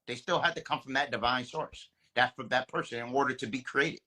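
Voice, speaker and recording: A man's voice: mid-range voice, fairly quick, bright, forceful tone, husky. A man speaking, earnest and preachy in casual podcast chat, often repeating himself.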